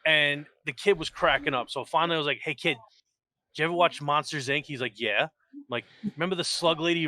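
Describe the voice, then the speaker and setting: Bright animated male streamer. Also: on the high side, dry recording. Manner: animated storytelling full of quoted dialogue. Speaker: podcast panel host and streamer. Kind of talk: casual podcast chat.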